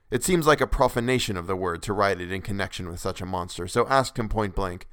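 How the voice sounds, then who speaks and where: A man's voice: deep voice, fairly quick, few pauses, fairly bright tone, no echo. A man narrating a classic novel in the first person with earnest, dramatic delivery, recorded on a close microphone.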